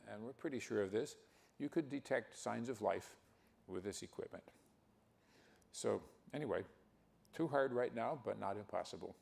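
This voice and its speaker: An older man giving a conference talk, speaking haltingly with many fillers and restarts. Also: lowish voice, gravelly, a little mellow. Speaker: keynote speaker.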